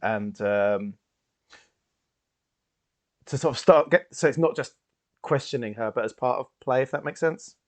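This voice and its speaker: Brief: male player at a tabletop game, mid-pitch, rambling and hedging. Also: a little slow, pauses often, no echo. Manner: rambling, hedging, many fillers and restarts. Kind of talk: tabletop role-play table talk.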